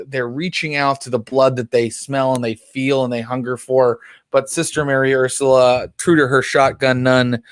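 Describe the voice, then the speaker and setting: Man, storyteller, tabletop game, relaxed, ums and uhs, dry close sound. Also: medium pitch, no echo. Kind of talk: running a tabletop roleplaying game.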